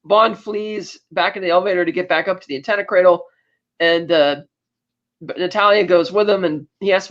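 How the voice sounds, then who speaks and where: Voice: mid-range voice, a little fast, fairly bright tone. A podcast co-host casually recapping a film, retelling scenes with loose asides and acted bits of dialogue. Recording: dull lo-fi audio.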